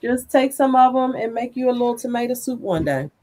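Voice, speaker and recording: A woman's voice: on the high side, lively intonation, fairly quick. A woman chatting on a garden show, telling stories and teasingly encouraging her friend. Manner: warmly encouraging, storytelling, teasing. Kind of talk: casual chat.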